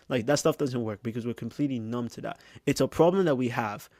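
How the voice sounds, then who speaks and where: A man with a medium-pitched, darkish voice coaches on business, talking straight to camera. His delivery is fast and casual, packed with filler phrases, and the recording has no echo.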